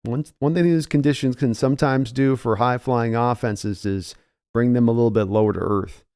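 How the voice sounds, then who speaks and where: Smooth-voiced man calling plays live. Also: steady tone, moderate pace, mellow. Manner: conversational, climbs in pitch and energy on big plays. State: early morning voice. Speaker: live reaction host. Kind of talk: fan play-by-play commentary.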